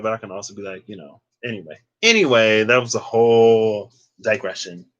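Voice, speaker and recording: A young man with a low voice and a bright, crisp edge, talking through a tarot reading in a loose, casual way. He drifts into digressions and leans on fillers as he thinks aloud. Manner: rambling, digressive, filler-heavy. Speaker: tarot reader.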